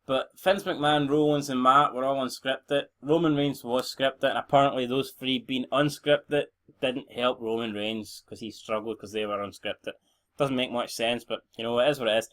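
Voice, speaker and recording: A man's voice: mid-range voice, fairly even intonation, normal speed, fairly bright tone. A young Scottish man giving rambling, blunt, sweary commentary on a game he is playing. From Scotland. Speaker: gaming channel host.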